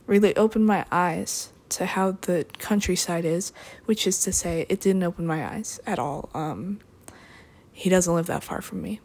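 Deadpan young woman rambling. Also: lowish voice, measured pace. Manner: deadpan, meandering, with dry asides. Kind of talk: rambling solo monologue.

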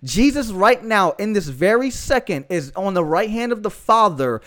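Male podcast host, high voice, fervent and emphatic testimony delivery. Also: very animated, moderate pace, a bit bright. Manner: fervent, emphatic storyteller with casual asides.

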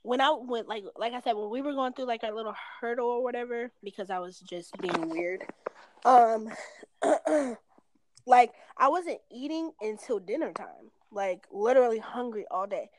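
A woman's voice: a little high, normal speed, darkish tone, no echo. A woman in her twenties talking on a phone call in a rambling, casual way, swearing often and filling with "like". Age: 20s.

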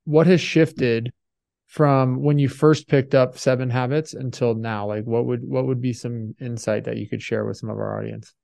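A man's voice: mid-range voice, steady tone, normal speed, vocal fry, warm tone, no room sound. A man hosting a podcast, asking casual, enthusiastic interview questions. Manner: enthusiastic, loose and chatty. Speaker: podcast host.

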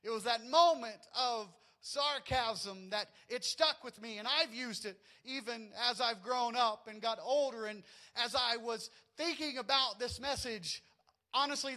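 A man's voice: very high voice, sharp tone. A man with a Southern US accent preaching a sermon to his congregation in a church, folksy and joking with them. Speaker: pastor.

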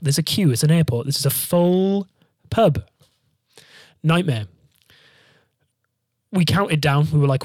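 A man's voice: a little high, no echo, studio quality. Swearing young man telling a tour story. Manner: swears freely, animated, acts out quotes. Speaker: band frontman hosting a podcast. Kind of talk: casual storytelling monologue.

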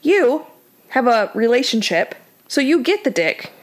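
A woman's voice: on the high side, sing-song, measured pace. A woman co-hosting a podcast in casual chat, bawdy and teasing. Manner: bawdy, teasing, laughs often. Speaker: podcast co-host.

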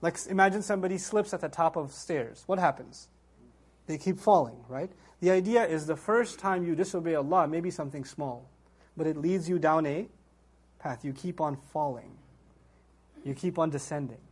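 A man's voice: moderate pace, breathy edge. A man giving a Quran lecture as an Islamic teacher, telling the story with rhetorical questions and acting out quoted voices. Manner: acts out quoted voices with big pitch jumps.

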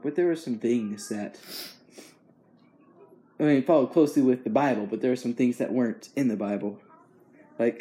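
A man's voice: mid-range voice, dark tone. A young man chatting casually as host, easygoing and rambling, with frequent chuckles. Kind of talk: casual chat.

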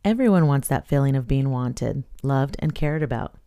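A woman co-hosting a podcast in casual chat, telling stories in an animated way and laughing often. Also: very deep voice, moderate pace. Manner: laughs a lot, animated storytelling. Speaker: podcast co-host.

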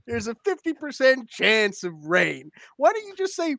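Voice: unhurried, gravelly, hardly any pauses, no echo. A podcast co-host chatting casually, prone to sarcastic rants with lots of swearing. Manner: sarcastic, ranting, lively swings in pitch.

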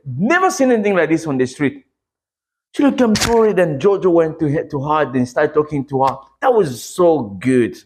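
Animated man preaching with a Congolese accent. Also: a little high. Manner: animated storytelling, acting out prayers and street scenes. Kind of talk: sermon.

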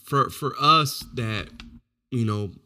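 A man from Orange County, California chatting casually as a podcast host, telling animated stories and swearing freely. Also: medium pitch, slow pace. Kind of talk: casual chat.

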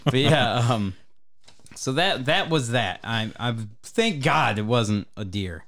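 A man's voice: medium pitch, expressive, takes it slowly, a bit bright. A man from Michigan, a podcast co-host, telling rambling, profane anecdotes in casual chat. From Michigan, USA.

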